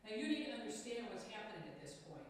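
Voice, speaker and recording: A middle-aged woman giving an inspirational talk to an audience in a large hall. She speaks in an animated way with self-mocking humor. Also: medium pitch, fast, slight background noise. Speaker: speaker addressing a women's audience. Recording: echoey hall from far off.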